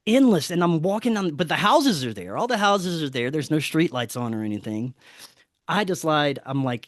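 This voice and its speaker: Telling a story as a podcast guest, this man is casual and animated, cursing without restraint and performing the dialogue. He speaks at a moderate pace in a fairly high, expressive voice, captured in clean studio quality with no room sound.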